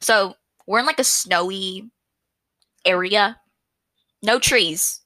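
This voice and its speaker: Loud, chatty young woman podcaster. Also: mid-range voice, takes it slowly, dry recording. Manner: chatty, loud and excitable, self-mocking. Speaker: podcast host. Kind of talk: casual solo podcast chat. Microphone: podcast microphone.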